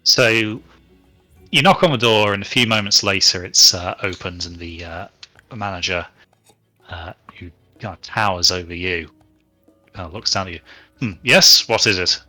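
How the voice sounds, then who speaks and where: A man running a tabletop game, narrating in a relaxed, rambling way full of fillers. His voice is low with a strikingly bright, forceful edge. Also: normal speed, soft background music. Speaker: game master.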